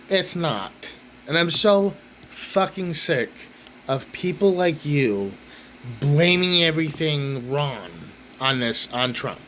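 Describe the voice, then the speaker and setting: Man, angry profane rant, blunt, slightly higher voice, faint air-conditioner hum. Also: expressive, unhurried, fairly bright tone, poor audio. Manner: blunt, swearing constantly. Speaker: rant channel host.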